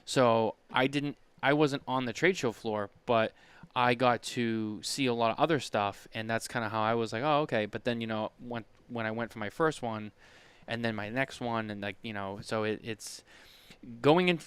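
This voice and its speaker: A man's voice: mid-range voice, normal speed, fairly bright tone, clean tone, no room sound. A man co-hosting a casual podcast chat, telling a long story with many restarts and acted-out quotes. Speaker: podcast co-host.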